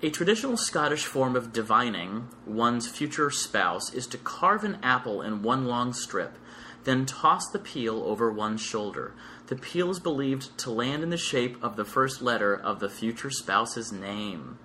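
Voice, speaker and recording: A man talks in a bright, forceful voice, reading old traditions aloud and reacting with animated, laughing disbelief. His casual podcast chat bounces along, full of restarts and asides. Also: mid-range voice, unhurried, a little hiss or hum. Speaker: podcast guest.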